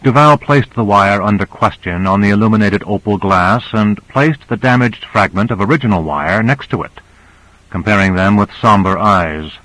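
Male audiobook narrator, measured and low, dry close recording. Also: fairly bright tone, no room sound, low-quality recording.

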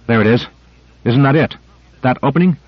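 A man's voice: medium pitch, a little fast, dry recording, muffled recording, lightly acted. A man doing a tense snapping crewman. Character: tense male crew member.

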